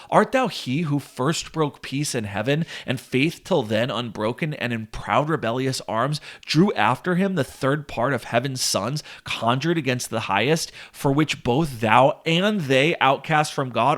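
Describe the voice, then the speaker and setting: A man's voice: mid-range voice, lively intonation, a little slow, few pauses, a bit bright. A man reading as Death, a wrathful monster. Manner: declaiming old verse, threatening.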